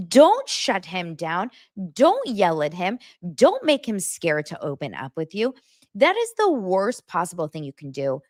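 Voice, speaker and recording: A woman's voice: fairly low pitch, dry recording, clean studio sound. A woman hosting an entertainment podcast, giving a chatty, opinionated recap of reality TV.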